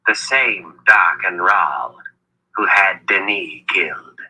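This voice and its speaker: A man voicing an impish, sly old male wizard, with a husky voice, in an audiobook reading. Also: low-pitched, slow, sharp tone, heavily acted, low-quality recording.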